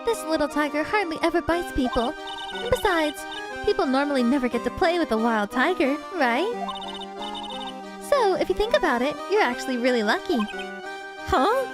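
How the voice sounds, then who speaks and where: A woman's voice: high voice, animated, normal speed, music in the background, pitched above the performer's own voice. A woman voicing a perky, carefree young woman who tames circus animals, in a breezy manner.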